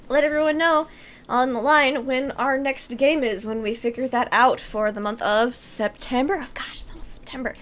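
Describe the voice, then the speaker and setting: A woman hosting a tabletop game stream, chatting excitedly and gushing with laughter. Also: a little high. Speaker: host and tabletop game player. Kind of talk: casual wrap-up chat.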